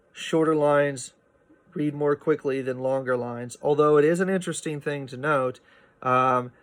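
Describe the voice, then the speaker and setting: A man teaching a poetry lesson, explaining meter in a relaxed way, often checking in with "right?" and filling pauses with "uh" and "um.". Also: medium pitch. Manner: explanatory, frequent "right?" and "uh" fillers. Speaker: literature teacher. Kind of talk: recorded poetry lecture.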